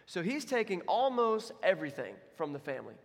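A man's voice: high-pitched, sing-song, brisk, vocal fry, long reverb tail. A man preaching a sermon as pastor, in a conversational, self-deprecating way. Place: church.

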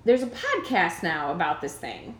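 A woman in her forties co-hosting a podcast in casual chat, animated and laughing often with playful asides. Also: on the low side, moderate pace. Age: 40s. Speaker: podcast co-host. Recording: echoey room.

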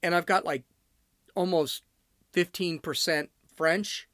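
A man's voice: fairly high pitch, steady tone, takes it slowly, bright, forceful tone, dry recording, studio quality. A man from Chicago hosting his podcast, talking in a blunt, rambling, off-the-cuff monologue. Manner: blunt, ranting and digressive. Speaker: podcast host.

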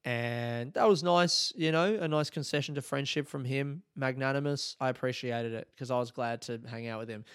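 An Australian man in his thirties, a comedian hosting his podcast, telling a sweary, self-mocking story in a casual, animated monologue. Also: medium pitch, clean tone, no room sound, studio quality.

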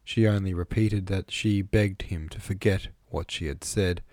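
A man narrating a classic novel as an audiobook, measured and even. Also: deep voice, dry recording. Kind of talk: scripted narration.

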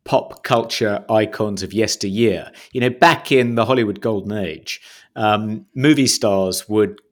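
Low-voiced, hesitant man on a podcast. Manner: measured and hesitant, full of "um" and "you know", trailing off quietly. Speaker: podcast co-host. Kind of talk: casual political podcast chat.

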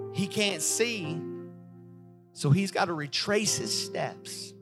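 A male pastor delivers a sermon at an unhurried pace, his voice sitting a little high. He preaches emphatically, repeats his phrases and swings between loud and soft. Faint music plays behind him in the church. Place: church service.

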